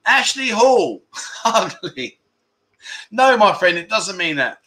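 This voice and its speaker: Jokey chat-show host with a high, piercing voice, reading viewer comments aloud. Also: male voice, takes it slowly. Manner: jokey and teasing, with animated outbursts.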